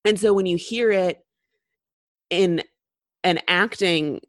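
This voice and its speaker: A woman in her thirties co-hosting a casual podcast chat, talking fast and loose with lots of fillers and restarts. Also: fairly low pitch, no room sound, studio quality. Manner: chatty, many fillers and restarts. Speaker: podcast co-host.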